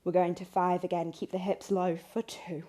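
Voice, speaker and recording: In a lowish, warm voice with little pitch movement and a moderate pace, a woman instructs a yoga class. She encourages her students, calls out poses and breaths, counts reps aloud, and is occasionally out of breath.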